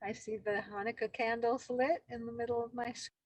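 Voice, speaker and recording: A woman's voice: a little high, little pitch movement, fairly quick, no room sound, rough recording. A woman co-hosting a practice group from a parked car over a video call, chatting casually and teasing with easy laughs. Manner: playful, teasing, laughs easily. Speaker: co-host. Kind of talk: casual banter. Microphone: phone on video call.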